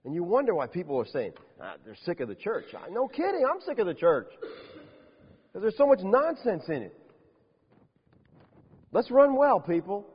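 A man preaching a sermon, emphatic and animated, firing off rhetorical questions to his congregation. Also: sits high, moderate pace, long pauses, husky. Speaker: pastor. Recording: dull lo-fi sound with long hall reverb.

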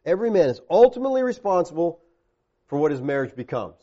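A man preaching a sermon, his voice sitting a little high but sounding mellow and warm. He calls out directly to the men listening and swings between hushed, low stretches and emphatic peaks. The recording is dull and lo-fi. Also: big pitch swings, fast talker. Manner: direct, addresses the men in the congregation. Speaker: pastor.

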